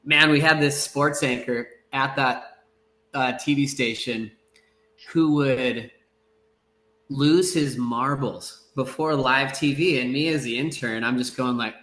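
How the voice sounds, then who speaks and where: A middle-aged man chatting as a podcast guest, telling rambling, relaxed stories with many fillers and acted-out quotes. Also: medium pitch, slow, echoey room, a little hiss or hum. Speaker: surf broadcaster, podcast guest. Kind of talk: casual storytelling in a podcast interview.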